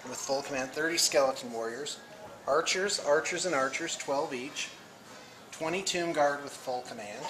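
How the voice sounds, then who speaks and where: Casual male host narrating a tabletop game on a handheld camera; a bit high-pitched, with store noise behind. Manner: chatty, rambling, self-deprecating. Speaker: host filming a tabletop battle report. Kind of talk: casual running commentary. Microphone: handheld video camera. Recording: camera mic with clear background noise.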